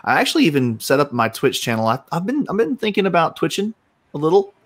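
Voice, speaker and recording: Wry man with a lively voice. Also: fairly high pitch, fast. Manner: wry, self-deprecating. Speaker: guest game designer. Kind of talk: casual chat during a board game stream.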